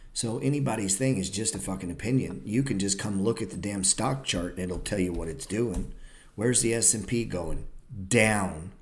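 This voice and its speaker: A man with a slightly low voice teaches trading on a live stream. He speaks bluntly and swears often, lecturing viewers with a sarcastic edge. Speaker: trading educator and show host.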